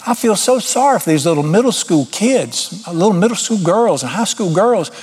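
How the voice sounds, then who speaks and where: A man's voice: sits high, lively intonation, normal speed, a little mellow. A middle-aged man preaching an informal sermon, folksy and blunt, with sudden emphatic rises.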